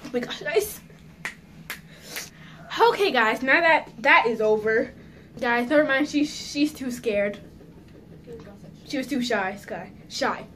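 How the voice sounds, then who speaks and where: A woman's voice: high-pitched, animated, slow pace, long pauses, a bit bright, slight background noise. A woman chatting casually in a home vlog, giggly and nervous, talking straight to her viewers. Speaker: vlogger. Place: at home indoors.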